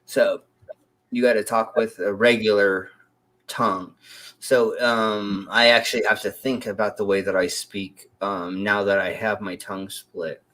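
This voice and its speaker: A man's voice: lowish voice, level tone, measured pace, fairly bright tone. A man from the United States, co-hosting a casual livestream chat and speaking carefully around a split tongue with a slight lisp. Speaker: co-host.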